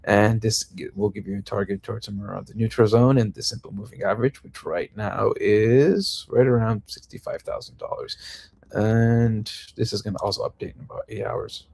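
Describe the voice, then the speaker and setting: A man's voice: lowish voice, fairly even intonation, a little fast, vocal fry, a little mellow, husky. A man hosting a casual crypto market stream, thinking aloud over charts with fillers. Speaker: crypto trading host. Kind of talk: casual market analysis and chat. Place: currently in the United States.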